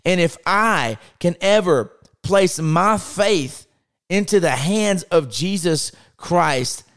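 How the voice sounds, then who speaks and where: A man preaching a podcast sermon with impassioned rhetorical questions, acting out scripture quotes in his own voice. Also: on the high side.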